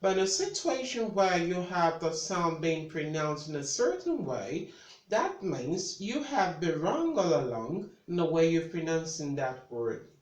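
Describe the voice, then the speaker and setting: A man teaching pronunciation in an online lesson, speaking slowly and repeating each word several times. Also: on the high side, very animated. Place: room with a board. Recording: echoey room.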